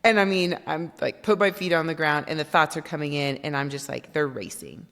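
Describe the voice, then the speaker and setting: A woman guest on a podcast, telling her story in an animated way and acting out quoted dialogue. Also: deep voice, fairly quick, creaky. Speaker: guest, company founder. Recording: long reverb.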